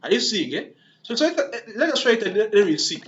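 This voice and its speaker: Very animated and fast, a coding instructor whose voice is a little higher than usual talks through his code as he types it in a screen-recorded tutorial. He restarts words, repeats himself, and checks in with "okay?" and "yeah?" almost constantly, over dull lo-fi audio with faint hiss.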